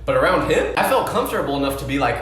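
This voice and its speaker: Fast animated young man. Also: a little high, soft background music. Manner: fast, animated, exaggerated retelling with acted-out quotes. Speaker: comedy storyteller. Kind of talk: comedic storytime monologue. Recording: echoey room.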